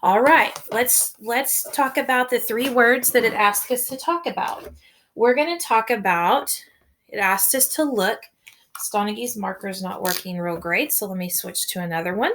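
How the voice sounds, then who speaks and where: A woman teacher with a Midwestern American accent giving a slow, clear, encouraging phonics lesson to first graders. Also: on the high side, a bit bright. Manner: slow, clear and encouraging, speaking to young children. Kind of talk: recorded remote phonics lesson.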